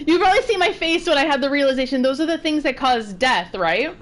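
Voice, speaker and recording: A young woman streaming a game, chatting and gushing excitedly as she plays and reacts. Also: sits high, quick pace. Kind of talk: live gameplay commentary. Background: game music.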